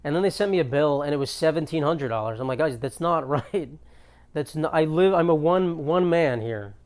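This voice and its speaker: A man's voice: on the high side, expressive, normal speed, darkish tone. A young man from the United States ranting through an exasperated, profane comedic monologue as a podcast host in his apartment.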